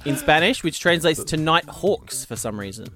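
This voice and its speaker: Playful man with a lively voice. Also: fairly high pitch, moderate pace, soft background music. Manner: playful, tries out foreign accents, laughs often. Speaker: podcast host. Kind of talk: casual chat.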